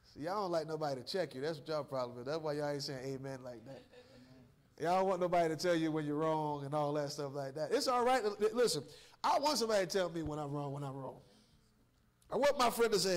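A man's voice: on the high side, expressive, fairly quick. A man preaching a sermon in a church with a Southern US accent, teasing and calling out to the congregation. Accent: Southern US, Georgia. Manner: call-and-response preaching with congregation, playful and teasing. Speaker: pastor. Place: church sanctuary.

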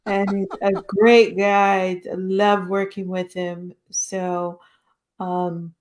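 A woman hosting a casual interview, chatty and quick to laugh. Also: medium pitch, slight background noise. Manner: laughs often, relaxed and chatty. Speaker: show host.

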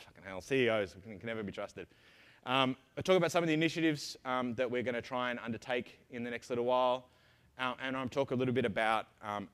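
Australian man, middle-aged, rapid-fire rambling keynote speaker. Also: mid-range voice, fairly bright tone. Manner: rapid, rambling, lots of ums and self-interruptions. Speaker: conference speaker. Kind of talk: conference keynote talk. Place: conference hall stage.

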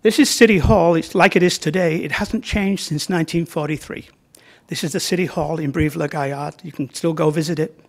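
A man's voice: a little high, steady tone, fairly quick. A man giving an informal library talk about his novels, conversational and joking, with fillers as he points to slides.

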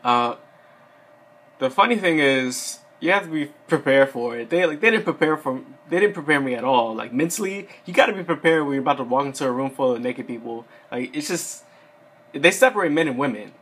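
Young man, mid-pitched, seated, casual rambling vlog delivery with lots of fillers. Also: lively intonation, a little fast, fairly bright tone, breathy edge. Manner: rambling, filler-heavy, conversational. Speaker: Air Force enlistee giving advice. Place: seated indoors.

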